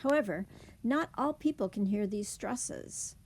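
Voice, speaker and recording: A woman teaching a slide presentation lesson, explaining slowly and carefully. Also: medium pitch, lively intonation, darkish tone, husky. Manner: slow, careful, deliberate explanation.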